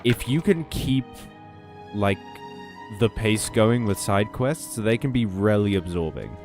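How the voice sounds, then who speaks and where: A man's voice: fairly low pitch, expressive, takes it slowly, a little mellow. A man casually commenting on his gameplay, chatty and jokey, laughing often and swearing now and then. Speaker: game streamer. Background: faint game music.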